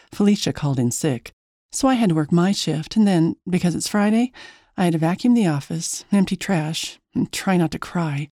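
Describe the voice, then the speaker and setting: A woman's voice: sits low, mellow, no echo, clean studio sound. A woman narrating a first-person story in a chatty, wry, self-mocking way.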